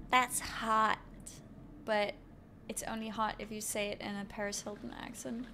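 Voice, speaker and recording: A woman's voice: medium pitch, little pitch movement, takes it slowly, long pauses, background noise. A woman streaming a game live, chatting playfully with her viewers and laughing often at her own jokes. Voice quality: giggly, playful, self-mocking. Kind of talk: live gameplay commentary.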